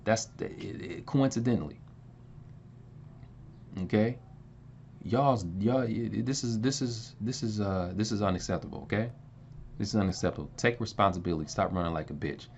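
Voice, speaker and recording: A man's voice: on the low side, normal speed, long pauses, a little mellow. A man hosting his own channel, ranting heatedly at someone, swearing and repeating himself as he talks. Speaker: channel host. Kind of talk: angry video rant. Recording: dull lo-fi sound with faint noise.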